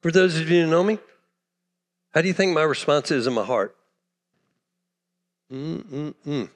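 Impassioned high-voiced male pastor preaching. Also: lively intonation, a little fast. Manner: impassioned, swings from loud to hushed. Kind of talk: sermon. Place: church sanctuary. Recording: long reverb of a church hall.

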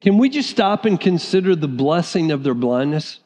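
High-voiced man preaching in a hall. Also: moderate pace. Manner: animated preaching, acting out biblical voices. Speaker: pastor. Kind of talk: sermon. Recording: reverberant hall.

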